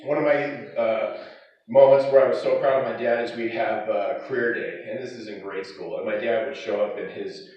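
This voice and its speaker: A man's voice: lowish voice, steady tone, a little fast. Man's eulogy in an echoey hall. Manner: fond storytelling broken by chuckles. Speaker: son giving a eulogy. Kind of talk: eulogy with personal anecdotes. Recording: echoey hall, distant, dull.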